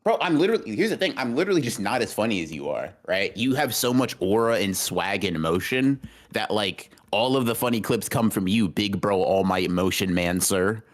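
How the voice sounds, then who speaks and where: A young man co-hosting a casual podcast livestream, teasing his friend and reading super chats, with sudden high-pitched bursts. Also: expressive, brisk. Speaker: podcast co-host.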